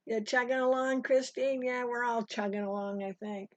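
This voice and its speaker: A woman's voice: on the high side, fairly even intonation, moderate pace, no room sound. An older woman chatting casually as she teaches a live sewing stitch-along, rambling and greeting viewers by name. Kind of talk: casual live tutorial chat. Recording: dry, dull lo-fi stream audio.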